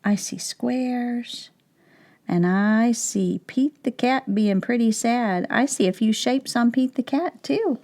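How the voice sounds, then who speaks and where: A woman teacher reads a picture book aloud to young children, taking her time over every line. Her voice has a gravelly, creaky texture at the ends of phrases, and she keeps stopping to ask the children questions. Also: a little high, a little mellow. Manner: slow, clear, asks questions of child viewers.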